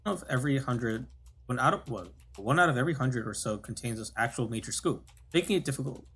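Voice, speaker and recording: A man's voice: medium pitch, animated, fast, fairly bright tone, slightly rough. A man streaming himself reading a visual novel aloud, casual, stopping to comment and correct himself.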